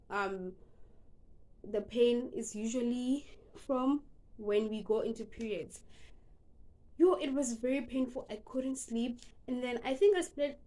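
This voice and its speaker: A woman's voice: a little high, mellow. Earnest young South African woman. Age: young adult. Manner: earnest and emotional, with casual asides. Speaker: vlogger. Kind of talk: personal storytelling.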